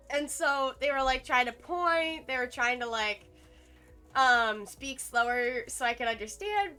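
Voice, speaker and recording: A woman's voice: high voice, sharp tone. A young adult woman streamer chatting casually, rambling with lots of fillers and laughs. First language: English. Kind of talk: casual chat while drawing. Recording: light music playing behind.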